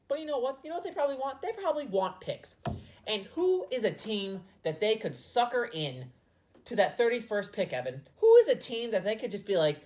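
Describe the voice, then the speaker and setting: Casual sports host, woman, swears freely, rambles, lively pitch. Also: fast. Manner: profane, rambling, jokey. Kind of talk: casual mock draft commentary.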